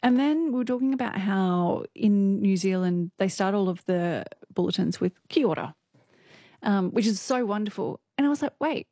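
A woman's voice: medium pitch, moderate pace, dark tone, no echo, studio quality. An Australian woman in her thirties, a news presenter chatting as a guest in an interview, full of "like" and "um". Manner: chatty, fillers like "like" and "um", laughs often. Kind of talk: casual interview chat.

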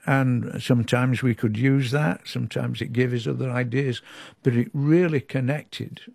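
An older man from England, a storyteller, chatting as an interview guest in a chatty, animated way that often restarts sentences. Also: medium pitch, moderate pace, gravelly, no echo. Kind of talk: reflective interview.

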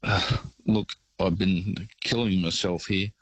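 A man with an Australian accent calling in to a radio show and telling a rambling, relaxed travel anecdote. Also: low voice, slow, breathy edge, no room sound, poor audio. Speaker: caller. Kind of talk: casual phone-in storytelling.

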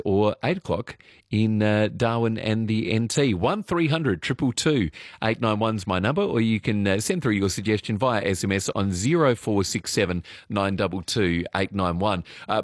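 An Australian man presenting an evening radio show in a relaxed, chatty way, with frequent "uh" fillers, on a studio microphone. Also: low voice, dry recording. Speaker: radio host.

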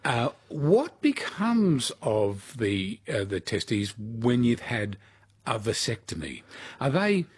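Husky, lively-voiced male interviewer. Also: medium pitch, slow. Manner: curious and chatty, stumbling over repeated words. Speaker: interviewer host. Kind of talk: conversational interview questions.

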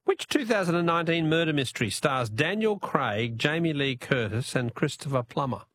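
Aussie bloke running a radio quiz, lively up-and-down voice, dry studio sound. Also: male voice, fairly high pitch, normal speed, no room sound. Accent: Australian. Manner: chatty, chuckling, reads listener messages. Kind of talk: casual talkback radio quiz.

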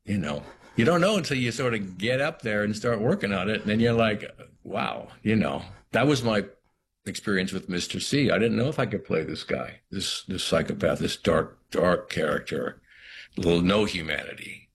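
Middle-aged man, very low register, reflective and halting; faint background ambience. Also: expressive, a little hiss or hum. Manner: thoughtful, halting, many restarts. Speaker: actor, interview guest. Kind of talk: reflective interview talk.

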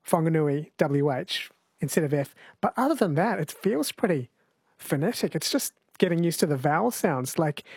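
A man's voice: fairly high pitch, no echo, clean studio sound. A man hosting a radio show, chatting casually and thinking aloud. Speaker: radio host.

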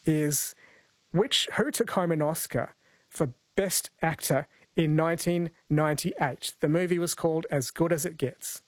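A man's voice: a little high, measured pace, no echo. A man hosting a late-night radio quiz in a friendly, chatty way, laughing easily.

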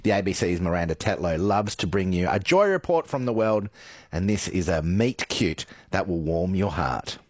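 A man introducing a radio segment from a script, with an expressive delivery. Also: deep voice, normal speed. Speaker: radio presenter.

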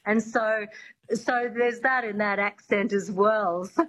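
A woman's voice: medium pitch, fairly even intonation, slow, a bit bright, poor audio. A woman accent coach giving a chatty, explanatory radio interview.

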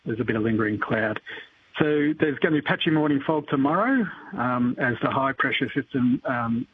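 A man giving a weather forecast on radio, halting with many fillers and restarts. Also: mid-range voice, animated, husky. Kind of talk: radio weather briefing by phone. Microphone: phone. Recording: tinny phone line.

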